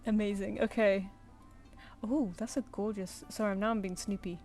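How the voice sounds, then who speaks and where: A woman's voice: mid-range voice, steady tone, normal speed, darkish tone, faint music behind. A woman artist chatting casually on a live stream while she draws, muttering and counting under her breath.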